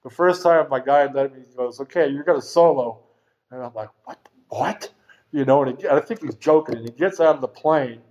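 A man's voice: medium pitch, quick pace, hardly any pauses, darkish tone. A middle-aged man telling his own recovery story at a meeting, in a rambling, frank way with casual swearing. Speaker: speaker sharing a recovery story. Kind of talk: personal testimony at a recovery meeting. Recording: dull lo-fi recording.

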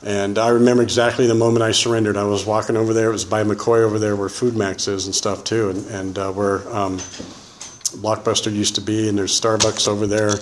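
A man's voice: lowish voice, little pitch movement, fairly quick, reverberant, a little hiss or hum, low-quality recording. A man sharing his recovery testimony in a rambling, casual way, full of "man" and "you know". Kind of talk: personal testimony.

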